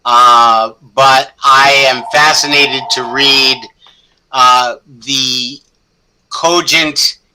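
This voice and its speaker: A man appearing as a guest on a talk show, speaking in a measured, hesitant way with many fillers. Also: mid-range voice, steady tone, bright, forceful tone, poor audio. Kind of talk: casual interview chat. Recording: faint background noise.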